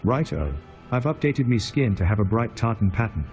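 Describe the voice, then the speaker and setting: A man's voice: fairly low pitch, very animated, moderate pace, darkish tone, soft background music. A synthetic man's voice as a cheeky London drone. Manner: cheeky, slangy, chummy. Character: game drone AI posing as a London rogue. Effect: synthetic text-to-speech voice.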